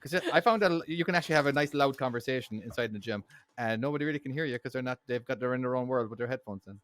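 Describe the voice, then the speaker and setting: A man's voice: medium pitch, very fast, a bit bright, dry recording. A man co-hosting a podcast, easygoing in casual chat, with stammering restarts. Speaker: podcast co-host.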